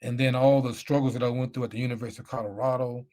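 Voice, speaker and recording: A man's voice: medium pitch, flat delivery, very fast, mellow. A middle-aged man telling his story animatedly in a live Q&A, acting out the voices of people he quotes. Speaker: guest speaker.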